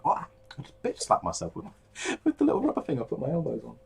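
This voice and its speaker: A man's voice: medium pitch, huge pitch swings, fast, creaky. A man giving a casual running commentary while crafting at his desk, rambling, joking and swearing under his breath. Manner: rambling, jokey, swears and mutters to himself. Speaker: miniature painting hobbyist.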